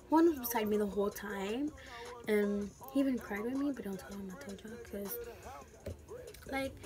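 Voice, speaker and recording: Young woman, casual frank storytime, swears a lot, light music underneath. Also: a little high. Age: young adult. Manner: chatty, frank, uses slang and swearing. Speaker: vlogger.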